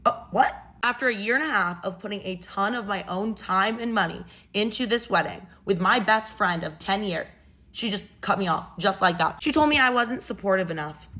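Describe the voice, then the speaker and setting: A woman's voice: mid-range voice, normal speed. Young woman, casual storyteller, chatty and sassy. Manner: chatty, animated, sassy asides.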